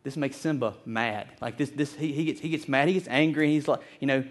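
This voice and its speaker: A man preaching a sermon to his congregation, earnest and animated, often repeating words as he builds his point. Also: mid-range voice, quick pace. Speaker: pastor.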